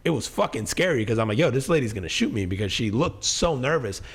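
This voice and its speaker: A middle-aged man co-hosting a podcast, telling a long story in casual chat, animated and profane, full of fillers and restarts. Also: medium pitch, fast talker, husky. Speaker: podcast co-host.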